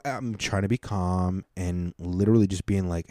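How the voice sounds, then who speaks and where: A low-voiced man in the middle of a profane, heated rant, his words tumbling and restarting when he gets worked up. His tone is dark and mellow even as he vents. He reads someone's messages aloud and keeps breaking in to argue with them. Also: moderate pace, hardly any pauses, dry recording, clean studio sound. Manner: swears a lot, stumbles and restarts when worked up. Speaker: vlogger.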